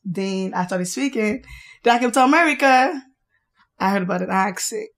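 A woman's voice: mid-range voice, lively intonation. A young woman from Haiti with a Haitian accent, chatting frankly and playfully as a podcast guest. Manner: blunt, frank and playful, quick bursts. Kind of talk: casual chat.

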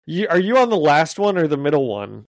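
A man's voice: a little high, big pitch swings, no room sound. Casual man recapping a comic. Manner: loose, laughing, recaps plot with quick paraphrased quotes. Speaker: podcast co-host. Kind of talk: casual chat, retelling a comic.

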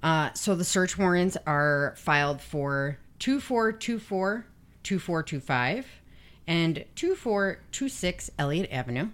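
A woman co-hosting a podcast in a casual, blunt way, swearing freely and getting animated when she retells things. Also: lowish voice, takes it slowly. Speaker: podcast co-host. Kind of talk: casual chat.

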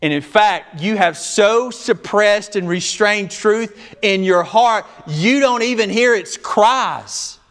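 A male pastor preaching a sermon, swinging between loud, raised passages and hushed, low ones. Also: slow pace, few pauses.

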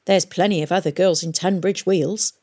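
A woman reading a storybook aloud and voicing a rough, volatile male pirate mayor with crude working-class speech. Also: on the low side, fairly even intonation, moderate pace, darkish tone, lightly acted. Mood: fawning.

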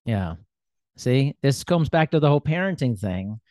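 A man's voice: medium pitch, very animated, moderate pace, darkish tone, dry recording. Casting: male host, casual and rambling, jokes at his own expense, dry and close on the mic. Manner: rambling, self-deprecating, laughs often. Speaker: interviewer. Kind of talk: casual conversational interview.

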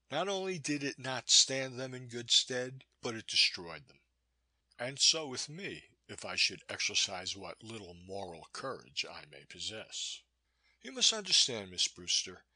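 A man reading a weary, resigned man who warns with grave, gentle insistence. The voice is husky yet forceful and bright, with lively swings in pitch, recorded dry and close. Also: no room sound, heavily acted. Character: weary, resigned man warning of a cruel captain.

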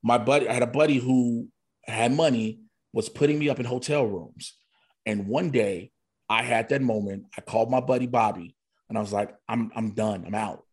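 A man's voice: medium pitch, fairly even intonation, moderate pace, slightly rough. A man, a guest comedian, candidly telling a personal story in a casual podcast conversation, quoting himself and others as he goes.

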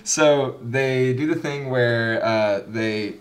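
A man's voice: mid-range voice, slow pace, slight background noise. A young man hosting a casual podcast chat, telling stories and laughing often. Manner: laughs often, rambling storyteller. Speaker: podcast host.

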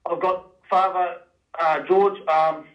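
A man's voice: high-pitched, steady tone, slow, echoey room, lo-fi sound. A man co-hosting a podcast in casual chat, repeating himself and laughing as he talks. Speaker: podcast co-host.

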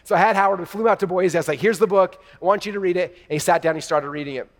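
A man in his thirties giving an energetic keynote to a large live audience, telling stories excitedly and talking to the crowd as "you guys". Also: high voice, very fast, in a large hall. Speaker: keynote speaker. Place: large event hall before a live audience.

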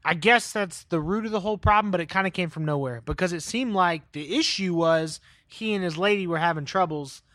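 A man's voice: high-pitched, a little fast, few pauses, fairly bright tone, dry recording. A man co-hosting a podcast, rambling casually about a movie's plot with many likes and restarts. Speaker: podcast co-host. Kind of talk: casual movie-review chat.

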